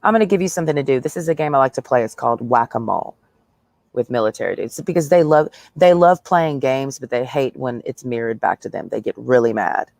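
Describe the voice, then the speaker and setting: A woman's voice: rumbling low, a little fast, creaky, darkish tone, dry recording. A woman livestreaming a blunt, profane, sarcastic rant, talking straight at her listeners. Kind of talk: ranting livestream monologue.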